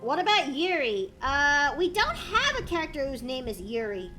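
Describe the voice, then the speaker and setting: Chatty young woman streamer, high bright voice. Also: sing-song, normal speed, soft background music. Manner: chatty, thinks aloud with fillers. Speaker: streamer and artist. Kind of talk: casual art stream chat.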